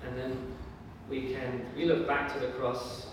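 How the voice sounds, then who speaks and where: A man preaching a sermon in an earnest, measured way, with fillers and raised emphasis when he quotes scripture. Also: mid-range voice, level tone, background noise. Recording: echoey hall from far off.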